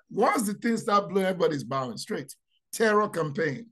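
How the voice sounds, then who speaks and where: High-voiced male preacher, dramatic swings. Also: animated, fast talker. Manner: dramatic, swings from low asides to loud proclamations; repeats phrases, asks rhetorical questions. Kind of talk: sermon.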